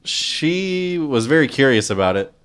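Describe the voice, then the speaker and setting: A man's voice: medium pitch, very animated, unhurried, a bit bright, clean tone. A man co-hosting a podcast in casual chat, telling a wry, self-mocking story. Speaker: podcast co-host.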